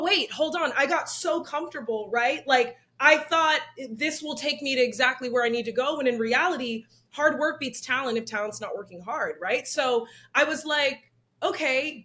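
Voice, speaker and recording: A young woman guest telling stories in an interview, animated, laughing often and acting out the voices of people she quotes. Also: sits high. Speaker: actress and comedian guest. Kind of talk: candid interview talk.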